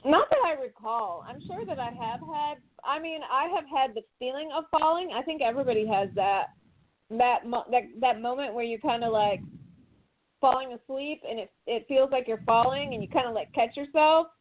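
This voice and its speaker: High-voiced woman on a phone-like line. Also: moderate pace, no room sound. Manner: animated storyteller, acts out her own panicked thoughts. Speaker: podcast host. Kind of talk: casual chat.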